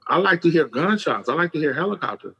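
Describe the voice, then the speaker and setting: Husky middle-aged man telling street stories. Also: on the high side, fast talker, lo-fi sound. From California. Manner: animated storyteller, acts out quoted voices, swears freely. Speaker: podcast guest. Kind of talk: casual storytelling.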